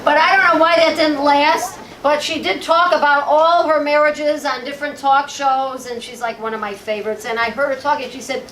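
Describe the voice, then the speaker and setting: Chatty high-voiced woman doing stand-up. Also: fairly even intonation, moderate pace, hardly any pauses, fairly bright tone, slight background noise. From Chicago. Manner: chatty, storytelling, acting out punchlines. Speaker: stand-up comedian. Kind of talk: stand-up comedy set. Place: lounge stage with live audience. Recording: echoey lounge, mic at a distance.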